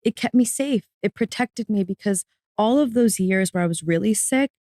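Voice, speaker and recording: A woman's voice: normal speed, mellow, no echo, clean studio sound. A woman guest and author, telling her story in an earnest, reflective way on a podcast interview. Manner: earnest and reflective, voice rising high when moved to tears. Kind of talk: emotional personal storytelling.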